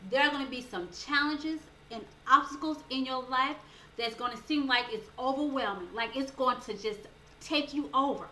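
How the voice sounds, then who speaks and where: A woman life coach telling a personal story in a motivational talk, earnest and animated, building toward a preaching close. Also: high-pitched, moderate pace. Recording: roomy echo with faint background ambience.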